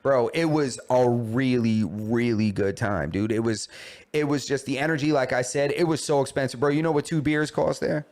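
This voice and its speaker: A man's voice: mid-range voice, moderate pace. A man co-hosting a podcast, telling stories animatedly in slangy, profane casual chat. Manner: animated storyteller, slangy and profane, acting out quotes. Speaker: podcast co-host.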